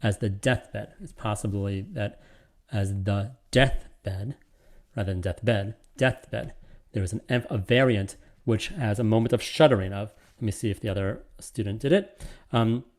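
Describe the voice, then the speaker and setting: A man's voice: fairly low pitch, fairly quick, darkish tone. A man giving an online literature lecture, explaining and thinking aloud as he goes. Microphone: video call.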